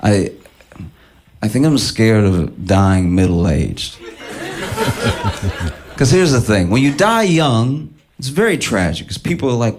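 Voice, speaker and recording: A man doing stand-up comedy, musing slowly with hesitant fillers. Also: on the low side, big pitch swings, slight background noise. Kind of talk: stand-up routine.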